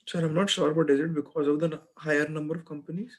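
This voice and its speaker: A young man speaks up in a classroom, answering his teacher with care and some uncertainty. His voice sits a little high and stays quite level. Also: steady tone, quick pace. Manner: careful, slightly unsure answers with restarts. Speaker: student.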